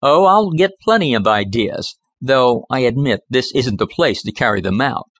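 A man's voice: mid-range voice, animated, normal speed, a bit bright, no echo. A man voicing a wisecracking, easygoing American man agent in an audiobook, talking in a joking, breezy way.

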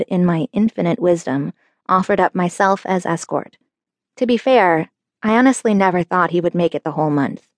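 A woman narrating a young-adult novel in the first person, with measured, earnest storytelling. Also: on the low side, a little mellow, no room sound. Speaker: audiobook narrator.

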